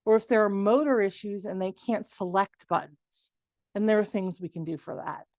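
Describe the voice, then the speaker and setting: A middle-aged woman presenting a workshop, lively and animated, acting out quoted dialogue as she explains. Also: medium pitch, normal speed, no echo. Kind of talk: webinar presentation.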